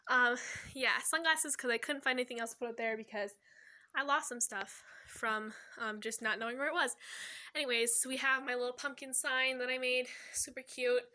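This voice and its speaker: A woman with a high, sparkly voice chats her way through a tour of her bedroom. She rambles and corrects herself constantly, full of ums and likes. She is recorded on a phone. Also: fairly even intonation, normal speed, bright, forceful tone. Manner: chatty and rambling, many fillers and self-corrections. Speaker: vlogger. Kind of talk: casual room tour vlog. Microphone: phone camera.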